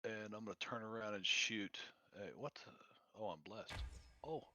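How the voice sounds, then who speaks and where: A man's voice: on the low side, moderate pace, pushed and bright, no echo. A man playing a tabletop game, hesitant and thinking aloud. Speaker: player. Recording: dry, slightly muffled online audio.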